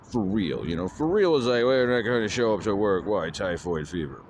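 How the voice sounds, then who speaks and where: A man's voice: fairly low pitch, sing-song, fairly quick, vocal fry, slight background noise. A man rambling in a casual monologue, drawling with lots of fillers like "you know" and "man".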